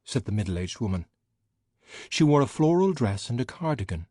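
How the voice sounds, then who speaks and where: Animated man reading an audiobook. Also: medium pitch, moderate pace, no room sound, studio quality. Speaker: audiobook narrator. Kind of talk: scripted narration.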